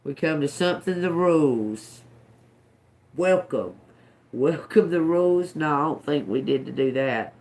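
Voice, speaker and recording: A woman's voice: low voice, animated, a little slow, darkish tone. A woman doing a live-stream tarot reading, talking casually and profanely, laughing often and trailing off into restarts. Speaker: tarot reader.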